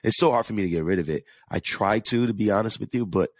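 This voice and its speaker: A man's voice: lowish voice, fast talker, no room sound. A man with a New York–New Jersey accent hosting a casual solo podcast, chatty and earnest, often restarting and repeating words. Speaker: podcast host.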